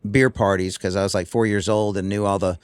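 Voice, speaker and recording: A man, a guest telling lively stories in casual chat on a tour bus. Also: on the low side, fairly quick, smooth, no echo. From North Carolina. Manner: animated storyteller.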